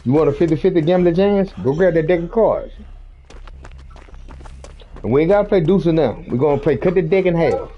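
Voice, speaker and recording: A man chatting loudly through a video game, joking and swearing as he trash-talks his teammates. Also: fairly high pitch, expressive, fairly quick, long pauses, muffled recording. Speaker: gamer. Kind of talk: casual gaming commentary.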